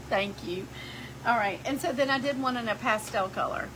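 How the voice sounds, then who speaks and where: Lady chatting to viewers on a live stream, higher voice, steady hum behind her. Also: a little slow, long pauses. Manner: chatty, talks to viewers as y'all. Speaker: crafts seller on a live stream. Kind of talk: casual live-stream chat. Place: home craft workshop. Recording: clear background hum.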